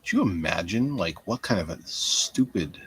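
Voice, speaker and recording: A man's voice: low-pitched, animated, moderate pace, fairly bright tone, husky. A man hosting a rambling solo podcast from home, profane and jokey, muttering asides to himself. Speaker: podcast host.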